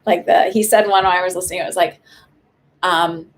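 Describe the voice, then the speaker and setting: A woman's voice: lowish voice, fairly even intonation, brisk. A woman giving casual psychic readings on a live stream, chatty and reassuring, with many likes and ums.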